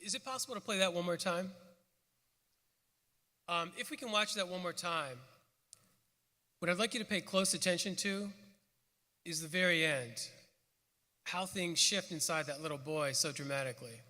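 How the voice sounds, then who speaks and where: A man giving a prepared conference lecture with a measured, earnest delivery. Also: high-pitched, sharp tone. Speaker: conference speaker. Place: conference hall. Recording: long hall reverb.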